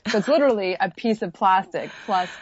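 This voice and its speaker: A woman's voice: medium pitch, animated, a little fast, muffled recording, crowd noise. A woman who founded a company, answering interview questions fluently and explaining her work at length. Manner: fluent, explanatory, many "so" openers.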